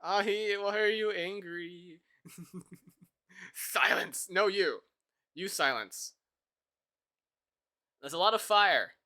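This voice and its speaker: A man's voice: high voice, slow pace, pauses often, sharp tone. A man chatting casually on a live stream while he codes, thinking aloud, laughing easily and poking fun at himself.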